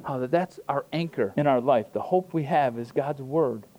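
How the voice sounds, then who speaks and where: A man's voice: medium pitch, moderate pace, a little mellow. A middle-aged man preaching an informal sermon, conversational and self-deprecating, with frequent restarts and fillers. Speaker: pastor.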